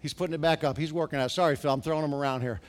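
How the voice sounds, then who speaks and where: A middle-aged man preaching a sermon as pastor in a church, asking the congregation questions and building to loud, urgent exhortations. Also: on the high side, steady tone, racing. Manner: preaching with rising, shouted exhortations and rhetorical questions. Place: church sanctuary.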